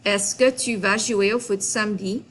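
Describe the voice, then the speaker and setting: A woman teaching a French grammar lesson, explaining slowly and patiently in a classroom-style recording. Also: mid-range voice, fairly even intonation, fairly bright tone, a little hiss or hum.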